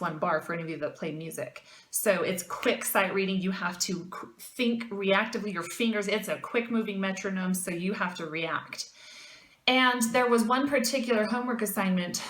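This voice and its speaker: A woman fitness vlogger telling a personal story to her viewers in a casual, animated and emphatic way. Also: mid-range voice, roomy sound.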